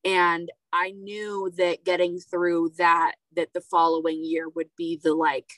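A woman's voice: lowish voice, little pitch movement, slow pace, a bit bright, dry recording, low-quality recording. A woman hosting a casual podcast conversation, talking in a rambling, hesitant way with many fillers. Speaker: podcast host.

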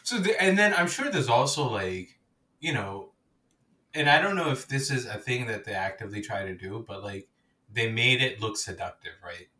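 Male podcast co-host, bright lively voice, animated storyteller, laughs a lot. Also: medium pitch, moderate pace. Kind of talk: casual chat.

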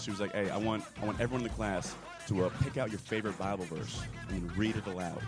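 Philly-accented stand-up comic, low-pitched. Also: male voice. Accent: Philadelphia. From Philadelphia area. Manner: laid-back, mumbling, frequent "you know what I'm saying". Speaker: stand-up comedian. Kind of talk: stand-up comedy set. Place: comedy club stage.

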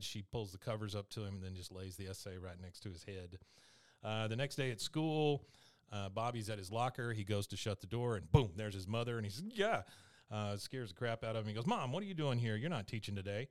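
A man's voice: on the low side, brisk, dry recording, studio quality. A man co-hosting a casual podcast, retelling a cartoon episode scene by scene and quoting the characters. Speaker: podcast co-host.

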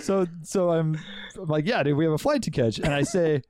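A man's voice: on the high side, a little fast, a little mellow. A man co-hosting a casual podcast chat, telling a story in a laid-back way with laughs and swearing. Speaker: podcast co-host.

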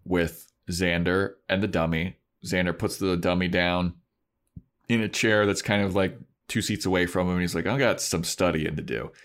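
A man's voice: sits low, fairly even intonation, normal speed, fairly bright tone. A man co-hosting a podcast, casually recapping a TV episode with hesitant fillers. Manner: retells scenes, hesitant fillers. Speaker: podcast co-host.

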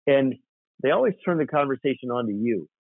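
A man's voice: mid-range voice, brisk, gravelly, slightly rough, dry recording. A man from South Dakota, a custom motorcycle builder, telling rambling stories as an interview guest. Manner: animated, rambling storyteller with fillers. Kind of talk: casual storytelling interview. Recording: tinny dry phone-like line.

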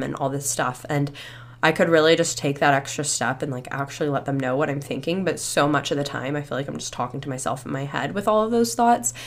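Woman in her twenties, low voice, chatty podcast talk, lots of fillers, a little stuffy and breathless. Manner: chatty, reflective, many fillers like "you know" and "like". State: slightly stuffy after a cold, a bit out of breath. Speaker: podcast host. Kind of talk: casual solo podcast talk.

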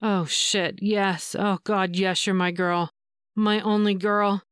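A woman's voice: medium pitch, steady tone, takes it slowly, smooth, no echo, clean studio sound, close to an everyday voice. A woman narrator voicing a devoted adult male lover who speaks tenderly and urgently, in her own voice.

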